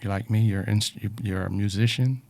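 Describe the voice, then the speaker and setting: A man's voice: on the low side, fairly even intonation, fairly quick, creaky, a little mellow. A man in a reflective personal talk, speaking earnestly about life lessons and often repeating words, emotional with a drying throat.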